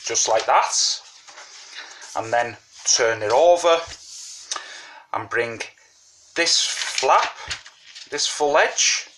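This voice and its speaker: A man walks viewers through origami folds in an unhurried, rambling way, full of fillers and asides. He talks around a mint in his mouth. Faint background hiss and small clicks sit under the voice. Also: mid-range voice, animated, a bit bright. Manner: chatty, repeats "you know what I mean", many fillers. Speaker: origami tutorial host. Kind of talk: casual step-by-step craft tutorial.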